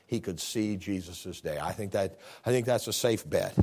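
A man preaching a sermon, animated, acting out scripture scenes with voices. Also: deep voice, normal speed, hardly any pauses.

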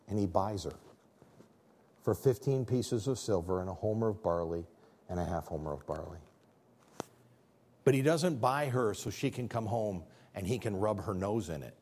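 A male pastor preaching a sermon with passion, dropping to quiet then rising to shouts, often repeating words as he builds. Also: on the low side. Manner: repeats words when fired up.

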